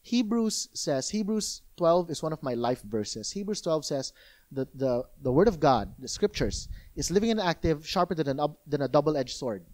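A male pastor with a high voice preaches a sermon in church at a moderate pace. He is animated and conversational, sprinkling in rhetorical questions.

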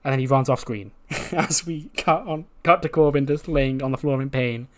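Casual male let's-play commentator, rambling and jokey, mid-pitched voice. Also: moderate pace. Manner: rambling, jokey, slangy storytelling. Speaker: gaming YouTuber.

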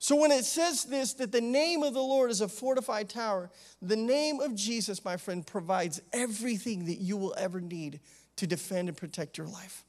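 A man, an associate pastor, preaching a sermon in a conversational, animated way, with frequent asides and calls of amen. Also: sits high, moderate pace. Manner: animated, acts out the disciples' pleading.

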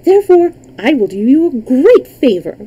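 A woman reading aloud, voicing a grand, flattering fox king in a storybook. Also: high voice, moderate pace, dull audio, voice pushed up.

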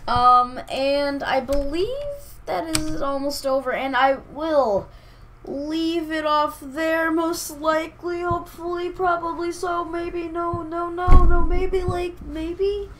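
A woman's voice: sits high, fairly even intonation, slow, background noise. A woman hosting a let's-play, commenting casually on her strategy game in a rambling, hesitant way that keeps correcting itself. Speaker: gaming channel host.

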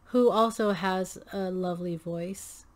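A woman's voice: fairly low pitch, fairly even intonation, measured pace, heavy background noise. A woman hosting a reaction video, gushing and thinking aloud with many restarts and fillers. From Filipino American. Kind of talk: casual reaction commentary.

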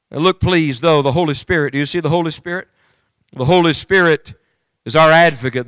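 A man's voice: on the high side, a bit bright, no echo. A middle-aged man preaching a sermon to a congregation, fervent and speaking to them directly. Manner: fervent, rising and falling, addresses the congregation directly. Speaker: evangelist preacher. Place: church.

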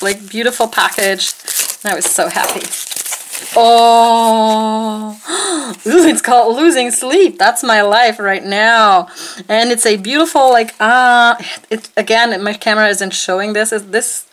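A woman vlogger chatting casually and gushing excitedly as she unpacks a nail polish haul at home, full of fillers. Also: fairly high pitch, rough recording. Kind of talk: casual unboxing haul chat.

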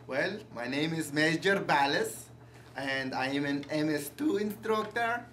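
A man voicing a gruff army major with a fake foreign accent who enjoys failing cadets, speaking slowly and flatly. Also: on the high side, long reverb tail, slight background noise, voice pushed up. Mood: deadpan. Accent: put-on foreign accent. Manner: slow, deadpan counting of push-ups.

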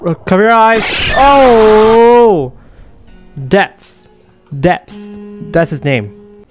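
A man with a high, bouncy voice narrates a game as he plays. He swings all over his range, yelping at scares and dropping low to mutter. Faint music plays under him. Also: very slow. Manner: excitable, yelps and exclaims at scares. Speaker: gaming YouTuber. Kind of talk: let's play commentary.

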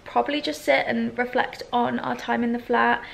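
A woman in her twenties, a lifestyle vlogger, chatting in a teary, gushing way at home in her flat. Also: on the high side, normal speed. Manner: gushing, breathy and soft-spoken. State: teary, emotional. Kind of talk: tearful reflective vlog chat. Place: empty flat at home, indoors. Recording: echoey room, faint background hum.

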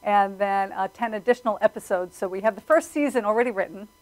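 A woman, a filmmaker guest telling stories in an animated, casual interview, acting out quotes. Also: mid-range voice, fast talker, low-quality recording. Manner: animated storyteller, acts out quotes.

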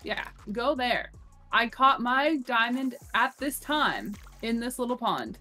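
A woman's voice: fairly high pitch, very animated, slow, pushed and bright, soft background music. A woman streaming a game with friends, chatting loosely, swearing freely and reading out chat messages. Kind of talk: casual gaming stream chat.

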